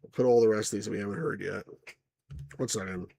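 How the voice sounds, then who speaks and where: A man's voice: lowish voice, fairly even intonation, fast talker, vocal fry, mellow, slightly rough, no room sound. A man hosting a casual game review, rambling with asides to viewers and chuckling at the jokes. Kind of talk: casual gameplay commentary.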